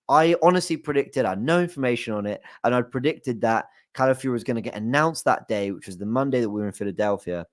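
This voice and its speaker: A man's voice: mid-range voice, no room sound. A young man hosting a football fan channel, talking casually with lots of fillers and hedges. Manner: chatty, hedging, many fillers. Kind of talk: casual chat to camera.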